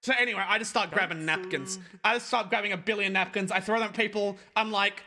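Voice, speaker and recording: A young man doing stand-up on a live stream, with a high, very bright and forceful voice. He tells his story with lots of energy and keeps breaking off to talk to his chat. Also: fast talker, few pauses. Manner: animated anecdote with asides to chat.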